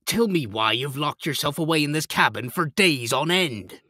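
A loyal, uneasy first mate. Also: male voice, a little high, animated, normal speed, bright, forceful tone, no echo, clean studio sound. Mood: worried. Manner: deferential, respectful, uses plain sailor talk. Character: loyal worried male first mate, deferential. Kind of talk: audio drama acting.

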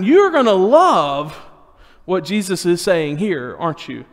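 A man with a high voice delivers a sermon in an easy, conversational way, restarting his phrases as he goes. He sometimes sinks into a hush to draw listeners in. His voice carries a long reverb through the church sanctuary. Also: huge pitch swings, measured pace. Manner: conversational, with restarts and dramatic drops to a hushed voice. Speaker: preacher.

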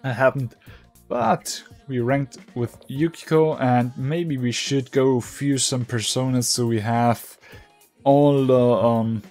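A man's voice: mid-range voice, soft background music. Man casually narrating his game. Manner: muses aloud, reads game text in a relaxed, halting way. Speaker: let's play gamer. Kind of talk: casual game commentary, reading dialogue aloud.

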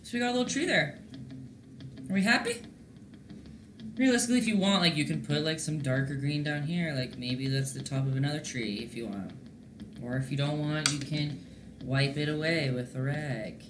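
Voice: medium pitch, normal speed, echoey room, background noise. A host teaching a live-streamed painting lesson in a chatty, encouraging way, talking to viewers in the chat.

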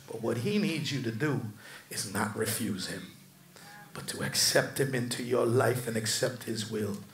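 A middle-aged American man preaching a sermon, swinging from shouted peaks to soft, low asides, with casual slang and humor. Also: reverberant, slight background noise. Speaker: pastor.

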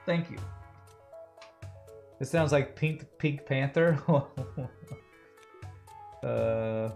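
A man streaming a game, joking casually and reading viewers' chat comments out loud. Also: mid-range voice, very slow, vocal fry, pauses often, soft background music. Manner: jokey, reads chat aloud.

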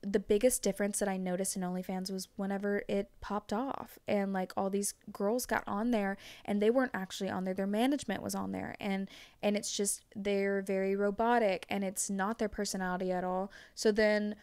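A young woman talks openly as a guest in a relaxed conversation. Her phrasing is loose and peppered with "like". The recording is close and dry, with no room echo. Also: medium pitch, smooth. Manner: frank, fast-flowing, heavy use of "like". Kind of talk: casual chat.

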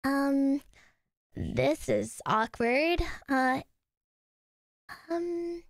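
A woman streamer talks to her chat in a high, bright voice that swoops all over the place, laughing and swearing without pause. She breaks into excited shouts yet keeps an unhurried pace between bursts. The sound is close and dry, with no room echo. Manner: laughs often and swears freely. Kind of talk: casual live-stream reaction chat.

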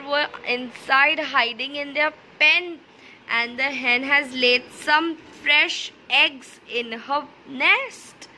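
A woman's voice: sits high, bright, forceful tone, slight background noise, rough recording. A woman reading a farm picture book aloud to young children, with a sing-song manner, coaxing questions and animal sounds.

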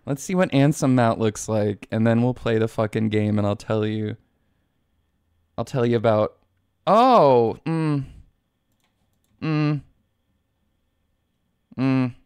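A man's voice: medium pitch, slow pace, long pauses, a little mellow, smooth, no echo, clean studio sound. A man streaming a video game live, rambling casually, swearing often and laughing easily.

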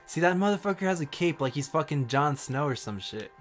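A man streaming a shooter match, his pitch jumping around as he trash-talks and swears at other players. Game music plays clearly behind his voice. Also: lively intonation, brisk. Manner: loud, swearing, trash-talking outbursts. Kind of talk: gameplay commentary.

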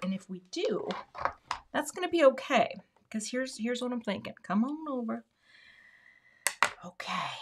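A woman's voice: fairly high pitch, slight background noise. A woman hosting a card-making livestream in casual chat, thinking aloud and dropping to murmurs while she works.

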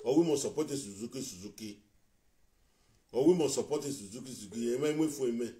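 A man with a Nigerian accent hosting a casual live video chat, talking rapidly and excitably and mixing Pidgin English with his local language. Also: mid-range voice.

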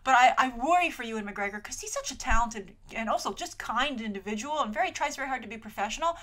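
This is a woman hosting a casual trailer review, talking in quick asides and filler words. Her voice is bright and sits slightly high, and it swings widely as she reacts. She shifts into playful mock voices when she quotes people. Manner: chatty and animated, full of asides and filler words. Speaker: host of a movie trailer review show.

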